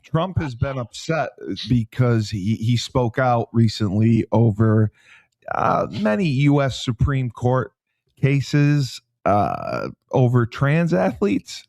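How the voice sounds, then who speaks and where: A man's voice: medium pitch, big pitch swings, slow, gravelly, no room sound. Joking male talk show host. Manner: jokey, mock-menacing hushed delivery. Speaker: podcast host. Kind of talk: political talk show banter.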